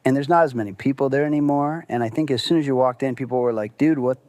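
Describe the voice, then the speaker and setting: With a medium-pitched, slightly mellow voice and a quick pace, a man tells a true story from his own life. The recording has no echo, and his delivery is loose and conversational, packed with fillers and swearing as he acts out what people said.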